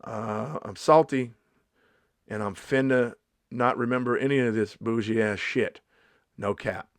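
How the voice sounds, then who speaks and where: A middle-aged male comedian speaks in a medium-pitched, fairly even voice at a measured pace, with no echo. In a casual vlog he reads slang definitions aloud, then riffs on them sarcastically and swears freely.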